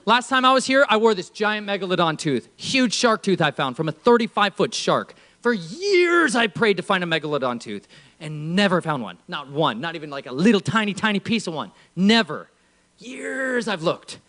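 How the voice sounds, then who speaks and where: A man preaching from a church stage, emphatic, swinging from low murmurs to shouts. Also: big pitch swings, normal speed. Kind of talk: sermon.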